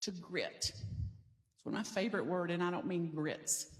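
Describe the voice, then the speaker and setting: A middle-aged pastor from the American South, a woman, preaches in a church sanctuary with a chatty, playful manner, leading call-and-response so the congregation repeats after her. Her lowish voice is expressive and a little slow.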